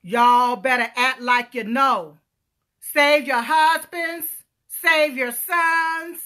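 A woman giving a loud, emphatic political rant to her viewers, calling out to them often. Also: sits high, extremely slow. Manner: loud, emphatic, calls out to viewers, punctuates with "huh?". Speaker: political vlogger.

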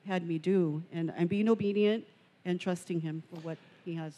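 A woman's voice: fairly low pitch, steady tone, dark tone. Earnest woman giving church testimony. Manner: earnest, halting with repeated words. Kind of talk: personal testimony.

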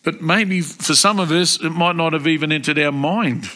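An Australian man preaching a sermon in a church, emphatic and rising to loud exclamations, acting out quoted prayers. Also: on the high side, moderate pace. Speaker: pastor. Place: church service.

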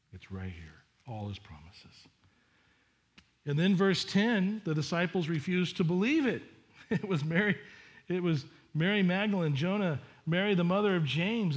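Animated male pastor preaching, slightly high voice. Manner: animated, acts out voices of the women and disciples. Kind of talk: sermon.

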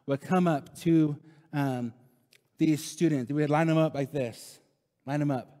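A man's voice: a little high, darkish tone, in a large hall. A man in his thirties preaching a sermon in a casual, conversational way, often tagging "right?" and repeating lines for emphasis. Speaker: pastor. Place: church sanctuary.

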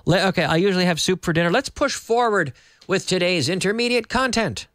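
A man's voice: high voice, no echo. A man teaching to Spanish speakers, explaining patiently and repeating words. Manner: lively, explains slowly with repetition and Spanish glosses. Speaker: English teacher. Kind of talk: casual online English lesson for Spanish speakers. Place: in Madrid.

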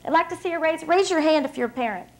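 On stage at an evening dinner, a West Virginia woman in her thirties with a high-pitched voice delivers a motivational talk to the audience. Lively and energetic, she laughs often while telling her story straight to the crowd, talking fast, and the audio is poor.

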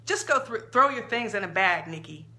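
A woman's voice: mid-range voice, lively intonation, moderate pace, bright, forceful tone. A woman reading the lines of a tearful, blunt, worn-down mother in a dramatic story reading. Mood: upset. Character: weary, hot-tempered struggling mother, adult woman.

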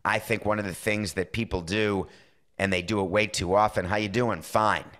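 Hosting a sports podcast, a middle-aged man talks sports casually in a voice on the low side, slightly bright, with fairly even intonation. He's opinionated and slips in quick asides where he acts out dialogue.

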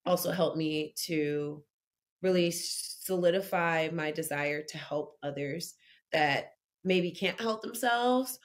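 Woman, 30s, interview guest, conversational, animated storytelling. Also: slow pace. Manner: animated storyteller, lively pitch jumps when telling anecdotes.

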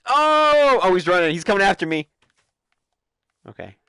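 Sex: man. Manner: excitable and high-pitched. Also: clean tone, no room sound, studio quality. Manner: excitable, chatty, quick to laugh and gasp. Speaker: live-stream host playing a game. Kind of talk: casual gameplay commentary.

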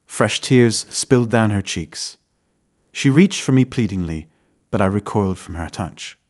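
Brief: male narrator, lowish voice, measured dramatic storytelling. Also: lively intonation, a little mellow. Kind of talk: scripted first-person story narration.

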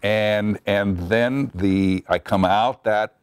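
A man's voice: on the low side, slow pace, clean tone, no room sound, clean studio sound. A middle-aged man telling a wry story from his past in an interview, acting out the quotes. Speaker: TV writer recalling a story. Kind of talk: interview anecdote.

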